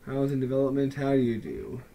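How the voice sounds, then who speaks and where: A man's voice: mid-range voice, very animated, fairly quick, creaky, mellow, slight background noise. A young man giving casual, joking commentary over a city-building game, full of playful, mock-grand asides to the viewers. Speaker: let's play commentator.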